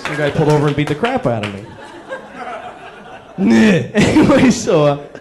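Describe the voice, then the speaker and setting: Guy doing standup, high voice jumping all over, crowd laughing behind. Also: noisy background. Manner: animated, acts out characters in quick bits. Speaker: stand-up comedian. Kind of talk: stand-up routine. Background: audience laughter.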